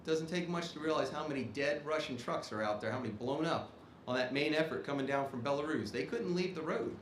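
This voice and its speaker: A man's voice: on the high side, brisk, a little hiss or hum. A man in his fifties, an Army officer, giving a ceremony speech in an emphatic, plain-spoken way that keeps checking in with the audience. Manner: emphatic, punctuates points with "okay?". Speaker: guest speaker, Army officer. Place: performing arts auditorium. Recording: echoey auditorium.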